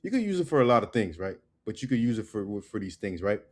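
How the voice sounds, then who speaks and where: A man giving a casual spoken language lesson, loose and repetitive, tagging "right?" onto his points and drilling words slowly. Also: on the low side, big pitch swings. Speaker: language teacher.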